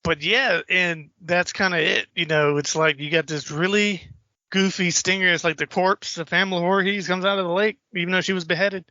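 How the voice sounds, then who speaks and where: A man's voice: high-pitched, fairly even intonation, normal speed, sharp tone, no echo, highs cut off. A man co-hosting a podcast, loosely retelling film scenes in casual chat and swearing freely. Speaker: podcast co-host.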